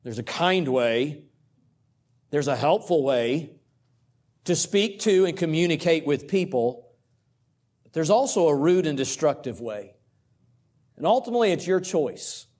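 A middle-aged man, a pastor and coach preaching a sermon through a personal story in a conversational, animated way. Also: a little high. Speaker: pastor and cross-country coach.

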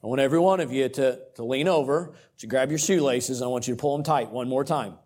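A middle-aged man, a pastor and coach preaching a sermon through a personal story in a conversational, animated way. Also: medium pitch, fast. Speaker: pastor and cross-country coach.

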